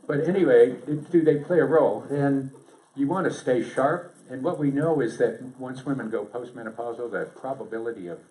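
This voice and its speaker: A man giving a seminar presentation to an audience, lively and joking in a conversational way. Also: medium pitch, normal speed. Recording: echoey room, distant mic.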